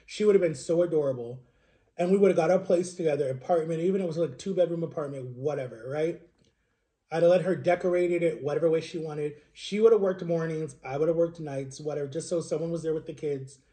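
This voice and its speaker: A man's voice: a little high, quick pace, dark tone. A man in his thirties, a vlogger telling his own life story in an earnest, rambling, emotional way, often checking in with "right?". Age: 30s. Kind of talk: personal storytelling to camera.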